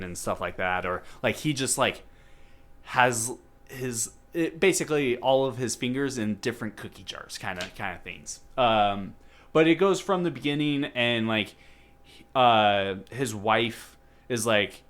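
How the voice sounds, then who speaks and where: A man's voice: on the low side, unhurried, a bit bright. Male podcast host, casual rambling delivery, full of fillers. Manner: rambling, lots of fillers and restarts. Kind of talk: casual chat about a movie.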